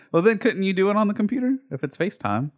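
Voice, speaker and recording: A man making dry, wry remarks in casual podcast banter. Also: sits high.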